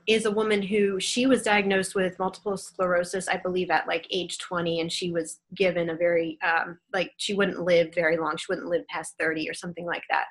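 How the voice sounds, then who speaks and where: Gentle low-voiced woman hosting an online Q and A. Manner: gentle, soothing, reassuring. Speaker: host. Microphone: video call.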